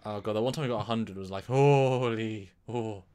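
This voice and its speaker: A man's voice: fairly low pitch, fairly even intonation, fast, darkish tone. A man co-hosting a casual live stream, talking in a rambling way and often restarting his sentences. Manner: rambling, with many restarts and repeated words. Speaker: livestream co-host.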